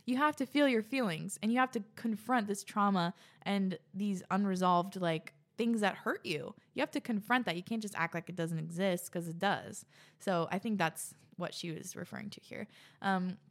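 A woman's voice: mid-range voice, normal speed. A woman hosting a podcast in a casual, gushing way, reading listener letters and reacting with lots of "like". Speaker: podcast host.

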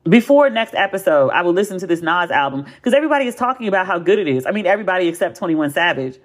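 An American woman in her forties hosts a podcast and chats casually in a blunt, animated way, with lots of profanity and emphatic repetition. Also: on the low side, very fast. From United States. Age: 40s. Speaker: podcast host. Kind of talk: casual chat.

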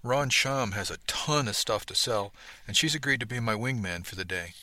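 A man voicing an eager young male trader in an audiobook, brisk and enthusiastic. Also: lowish voice, sharp tone, dry recording.

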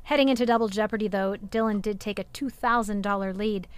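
A woman from Arizona co-hosting a podcast, recapping game show episodes in upbeat, animated casual chat. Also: medium pitch, fairly quick, clear, resonant tone, no echo. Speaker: podcast co-host.

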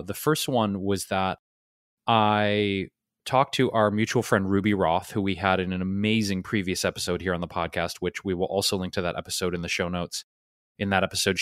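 A man co-hosting a podcast, telling a long story in a relaxed, rambling way with fillers. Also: sits low, no room sound, clean studio sound. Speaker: podcast co-host. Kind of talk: casual storytelling.

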